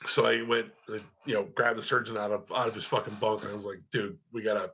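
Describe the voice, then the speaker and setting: A man's voice: on the low side, flat delivery, fast, bright, forceful tone, muffled recording. A man on a podcast telling a long story casually, cursing often and filling gaps with "you know". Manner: rambling, heavy cursing, many fillers.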